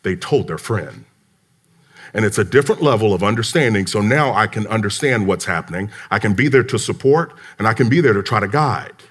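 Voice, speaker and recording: A man delivers a motivational talk on leadership to a conference crowd. He tells his stories with animated emphasis and plays out each side of the conversations himself, letting his voice climb high and drop low. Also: fairly quick, slightly rough. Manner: animated storyteller, acts out dialogue, emphatic. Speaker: business speaker. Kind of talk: motivational talk to a live audience. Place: conference hall.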